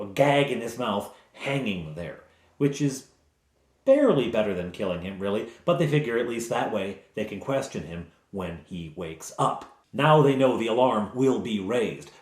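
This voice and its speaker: A man's voice: lowish voice, a little mellow, roomy sound. A man, the game master, recounting a tabletop game session in a casual, digressive way full of asides and explanations.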